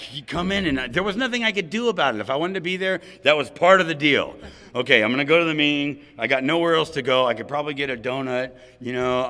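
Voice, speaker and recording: A man's voice: mid-range voice, bright, forceful tone. A man sharing his recovery story at a gathering, candid and funny, with asides to the audience. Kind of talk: personal recovery talk at a roundup. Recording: hall reverb.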